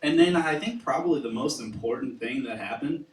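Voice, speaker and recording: A woman's voice: extremely low pitch, expressive, a little fast. A woman hosting the show, thanking the comic and bantering with laughter. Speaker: show host. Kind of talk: casual banter on stage. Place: small comedy club stage. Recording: echoey club, far mic, loud noise.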